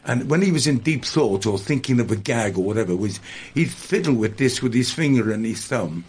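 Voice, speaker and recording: An older man with a husky, slightly breathy voice recalls his years as a stage impressionist. He tells his stories in a rambling, anecdotal way, restarting sentences as he goes, at an ordinary middle pitch. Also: lively intonation, brisk, a little mellow. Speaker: guest entertainer and impressionist. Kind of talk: reminiscing in a conversational interview.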